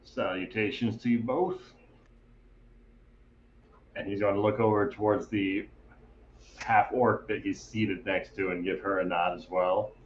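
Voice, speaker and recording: A man's voice: low-pitched, little pitch movement, normal speed. Easygoing man with an echoey, dull mic. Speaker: player. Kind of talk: casual tabletop role-play. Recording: echoey, dull-sounding mic with faint noise.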